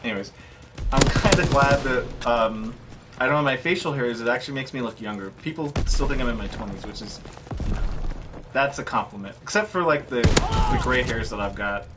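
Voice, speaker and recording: A man's voice: medium pitch, animated, fairly quick, heavy background noise. Rambling thirtysomething man streaming games. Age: 30s. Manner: rambling, self-mocking, laughs often. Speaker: game streamer. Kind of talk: casual chat while gaming.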